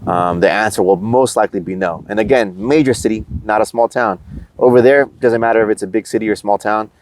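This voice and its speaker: A man's voice: on the low side, fairly quick, darkish tone, slight background noise. A man from the United States, a podcast guest, chatting casually and with enthusiasm about travel.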